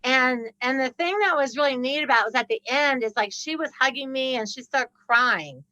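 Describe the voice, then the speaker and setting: A woman guest on a podcast, telling a story with lively laughter and acting out the people in it. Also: high-pitched, normal speed, dry recording, rough recording. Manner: laughs often, acts out the people in her story. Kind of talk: animated storytelling.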